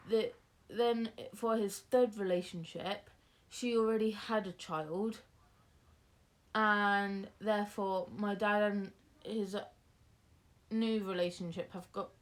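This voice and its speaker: A young woman, chatting casually through a Q&A, rambling with lots of fillers and restarts. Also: mid-range voice. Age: young adult. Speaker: vlogger. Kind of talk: casual Q&A chat.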